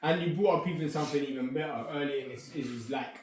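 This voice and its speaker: A man's voice: fairly high pitch, fast talker, noisy background. A man explaining ideas earnestly in casual chat. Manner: earnest, explaining, repeats you know what I'm saying. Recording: very echoey room, far mic.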